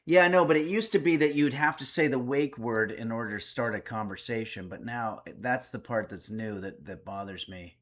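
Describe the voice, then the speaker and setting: A man's voice: mid-range voice, moderate pace, few pauses. Chatty man reading stream chat aloud. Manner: reads chat messages aloud, chatty and wry. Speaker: streamer and cooking host. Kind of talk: casual livestream chat. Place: home.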